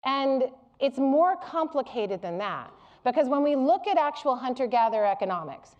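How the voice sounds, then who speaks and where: Middle-aged woman lecturing a crowd, candid and funny, kinda high voice. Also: normal speed, dull audio. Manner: candid, humorous, animated storytelling. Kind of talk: public lecture. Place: lecture hall before a live audience.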